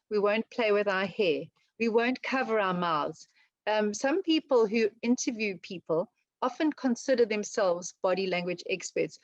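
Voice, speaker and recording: South african lady talking fast on a webinar, lots of ums, dry slightly muffled mic. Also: mid-range voice, no room sound. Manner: fast, lively, chatty, with many ums and restarts. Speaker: webinar presenter on interview skills. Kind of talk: casual webinar talk.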